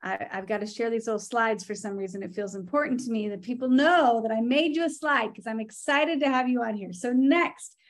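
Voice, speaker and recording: A woman hosting a relaxed team call, her voice sitting a little higher than most. She talks in a gushing, chatty rush, full of praise and fillers like "right?" and "like". It is casual, friendly video-call talk. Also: a little fast, few pauses.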